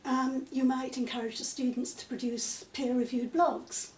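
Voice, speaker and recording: Older woman, high mellow voice, measured academic answers, recorded far off in an echoey room. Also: little pitch movement. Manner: measured, articulate, many "um" pauses. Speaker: interviewee, literature professor. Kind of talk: conversational interview. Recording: echoey room, mic at a distance, faint noise.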